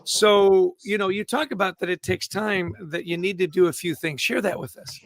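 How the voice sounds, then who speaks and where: A man's voice: sits high, steady tone, normal speed, creaky, a bit bright, no echo. Man, interview host, upbeat, stumbling restarts, dry close sound. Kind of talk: livestream interview.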